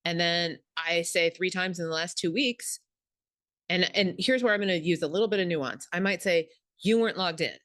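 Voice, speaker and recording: As a guest communication expert in an explanatory interview, a woman offers workplace advice at normal speed in a voice that leans low. She grows animated acting out little example exchanges. The audio is dry and close, without any room sound.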